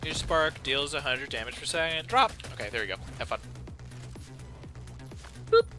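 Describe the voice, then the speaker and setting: A man chatting casually while playing a co-op game with friends, excitable and quick to react with gasps and exclamations. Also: fairly high pitch, faint music behind. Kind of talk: casual gameplay chat.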